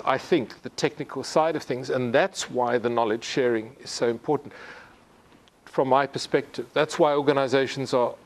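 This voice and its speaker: A middle-aged man from Africa, giving a conversational lecture full of halting restarts. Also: on the high side. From South Africa. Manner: halting, frequent restarts and repeated words. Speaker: university presenter.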